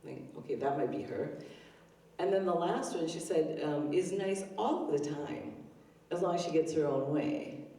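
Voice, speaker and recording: A woman's voice: deep voice, normal speed, warm tone. An older woman at an open mic, telling chatty, self-deprecating stories with lots of fillers. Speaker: stand-up comedian. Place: arts center stage, live audience. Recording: roomy hall heard from a distance.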